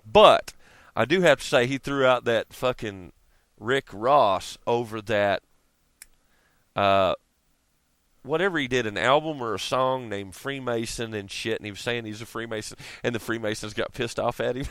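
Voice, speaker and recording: A man's voice: medium pitch, a little slow, pushed and bright, no echo. A man ranting casually to his viewers, profane and rambling, laughing often. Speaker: vlogger. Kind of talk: casual rant to camera.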